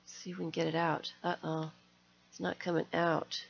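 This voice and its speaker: A woman's voice: lowish voice, level tone, normal speed, creaky, slightly rough. A middle-aged woman hosting an art live stream, chatting casually and gushing with delight as she opens mail. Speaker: art channel host. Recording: slightly dull lo-fi stream audio.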